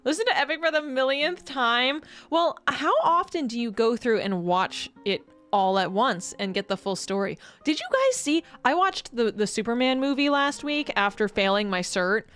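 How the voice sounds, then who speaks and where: A woman's voice: on the high side, very animated, moderate pace, hardly any pauses, fairly bright tone, clean tone, faint music behind. A woman streamer in casual chat, rambling and laughing often as she reads chat messages.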